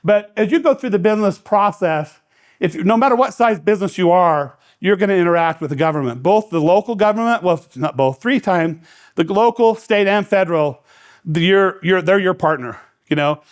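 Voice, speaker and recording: A man's voice: high voice, normal speed. A man giving a casual seminar talk as an economic development director, joking and storytelling with many restarts and fillers. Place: lecture room.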